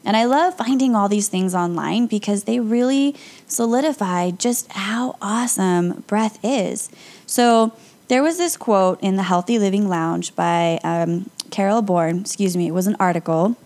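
A young woman, a yoga instructor and podcast host, talks listeners through calm breathing exercises in a casual, encouraging way. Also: medium pitch, measured pace. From Las Vegas area. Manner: calm, upbeat and encouraging, with light laughs.

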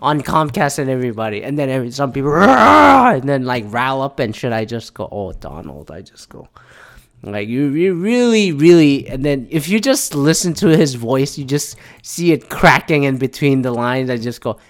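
A man talking in a loose, opinionated monologue, swearing freely and rambling from point to point. He laughs often and slips in mocking asides, his voice sitting at an ordinary mid-range pitch. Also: animated, brisk, few pauses.

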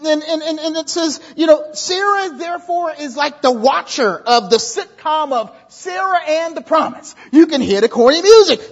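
A woman preaching a sermon in a church, talking in an animated, conversational way and often repeating words as she builds a point. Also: sits high, moderate pace, hardly any pauses. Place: church sanctuary. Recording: dull echoey church hall recording.

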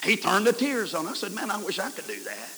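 Folksy male preacher, high bright voice, bursts of shouting and whispering, hissy hall recording. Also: wildly swooping pitch, fairly quick. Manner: folksy storytelling, swings from shouts to hushed whispers. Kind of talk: camp meeting sermon. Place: camp meeting hall.

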